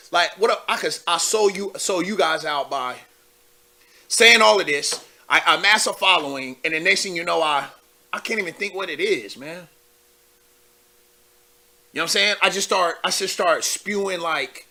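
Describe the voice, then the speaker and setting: A man's voice: high-pitched, sharp tone. A young man hosting a live call-in show, commenting loosely with lots of fillers and asides to viewers. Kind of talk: casual political commentary.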